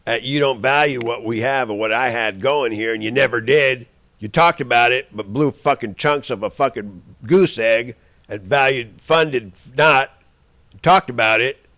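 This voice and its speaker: A man's voice: medium pitch, moderate pace, sharp tone, no echo. A man in an angry, rambling monologue, cursing and making threats at the people he addresses.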